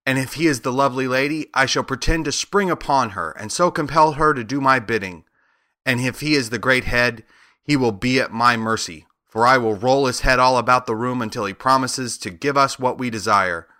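A man's voice: mid-range voice, normal speed, sharp tone, no room sound, natural voice. Guy doing scaredy lion talking big, punchy and dry. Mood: boastful. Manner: boastful, blustering. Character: boastful yet cowardly male lion.

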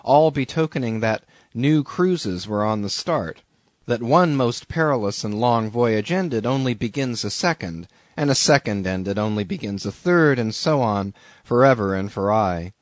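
A man reading a classic novel aloud as an audiobook narrator, in a slow, deliberate, measured way. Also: medium pitch, no room sound.

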